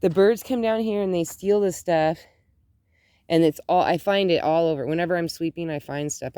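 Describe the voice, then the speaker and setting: A middle-aged woman with a deep, gravelly, warm voice chats casually in her outdoor garden while filming a vlog, with no echo. As a gardening vlogger, she rambles and says "like" a lot.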